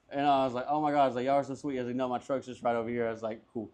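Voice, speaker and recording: A man's voice: medium pitch, racing, hardly any pauses. A man, a comedian guest, telling a long story casually, swearing freely and acting out everyone's lines. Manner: profane, animated, acts out dialogue.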